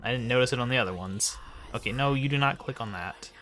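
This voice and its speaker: A man giving casual, low-key commentary while playing a game late at night, often muttering quiet asides. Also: fast, a little hiss or hum. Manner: mumbles quiet asides, sometimes whispers. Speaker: let's play host.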